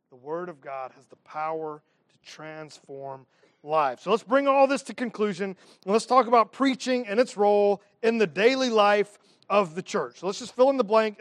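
A man's voice: high voice, no echo. A man preaching a teaching sermon as pastor of his church, reading scripture and adding humorous asides.

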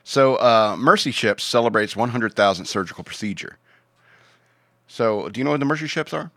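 A man's voice: mid-range voice, normal speed, bright, forceful tone, no echo, studio quality. A man hosting a podcast, reading out odd news stories in a rambling, joking way with many fillers. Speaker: podcast host.

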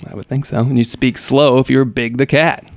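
A man's voice: medium pitch, fairly even intonation, normal speed, dry recording. A man co-hosting a podcast, chatting casually about gaming news in a rambling, hesitant way full of fillers and restarts. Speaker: podcast co-host.

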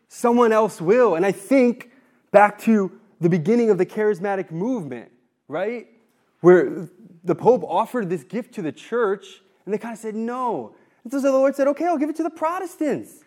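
A man giving an earnest, exhorting faith talk to a group, reading scripture slowly and repeating words when excited. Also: high voice. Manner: reads scripture slowly and deliberately. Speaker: speaker at a community talk.

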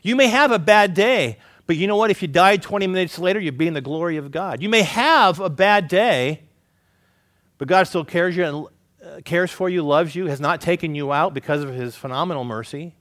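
A man preaching a conversational sermon, asking the listeners rhetorical questions and swinging between emphatic rises and quiet, low asides. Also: moderate pace, no echo, clean studio sound. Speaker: pastor.

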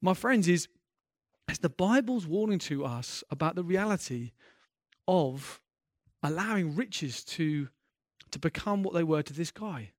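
A man's voice: on the high side, animated, a little slow, dry recording, studio quality. A man preaching a sermon as a pastor, earnest and impassioned, often restarting his sentences and building in intensity.

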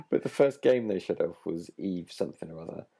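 A podcast co-host chatting casually, relaxed and steering the topics. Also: sits low, normal speed, gravelly, husky. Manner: relaxed, steers the conversation and laughs often. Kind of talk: casual chat.

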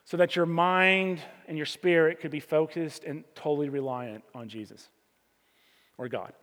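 A man preaching a sermon as pastor, talking conversationally and swinging from loud emphasis to quiet asides. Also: a little high. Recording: long hall reverb.

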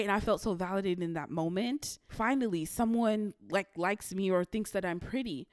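A woman's voice: medium pitch, normal speed, few pauses, no echo. Candid young woman, dry close mic. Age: young adult. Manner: emotional, fighting tears, blunt and profane. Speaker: podcast host. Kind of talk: candid personal monologue.

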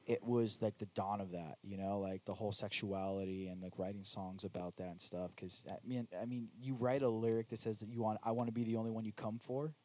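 Chill guy chatting, kinda low voice, says dude a lot. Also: steady tone, brisk, few pauses, darkish tone. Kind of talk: casual chat.

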